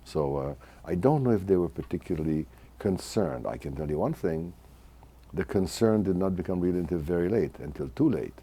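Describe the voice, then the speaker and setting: Older guy in his 80s, really deep dark voice, kinda husky, talks slow and thoughtful. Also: lively intonation. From Hungary. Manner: measured, reflective, restarts mid-phrase. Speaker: interviewee. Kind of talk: oral history interview.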